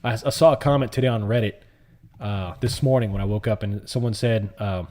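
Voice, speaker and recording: Fast-talking earnest male stream host. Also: on the low side, steady tone, warm tone. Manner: earnest, effusive, repeats himself. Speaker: livestream host. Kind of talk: casual livestream chat.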